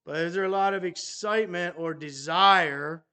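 Halting, measured male preacher. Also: high voice, sharp tone, smooth. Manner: measured, halting delivery with restarts and pauses. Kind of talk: sermon.

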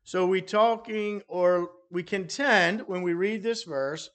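Male preacher, a bit higher-pitched, easygoing sermon delivery that lifts when reading scripture. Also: fairly even intonation, slow, fairly bright tone. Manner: conversational preaching with verbal fillers, reads scripture with rising emphasis. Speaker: pastor.

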